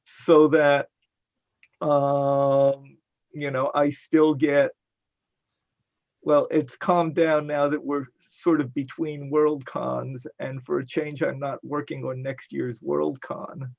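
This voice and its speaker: A man with an upstate New York accent, speaking as a guest on an online panel in a measured, hesitant way, full of fillers. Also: on the high side, little pitch movement, gravelly. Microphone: video call. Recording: dull lo-fi call audio.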